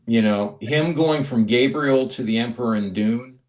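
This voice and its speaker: A man's voice: medium pitch, moderate pace, darkish tone. A man co-hosting a podcast, chatting casually and arguing his point emphatically and playfully. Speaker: podcast co-host. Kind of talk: casual chat.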